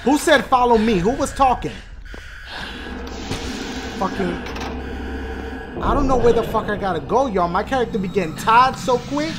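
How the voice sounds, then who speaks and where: Excitable, shouting gaming man, high and lively. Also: normal speed, long pauses, over music. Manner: loud, excitable, profane, jumps to shouts when scared. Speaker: gaming video host. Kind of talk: horror game let's play commentary.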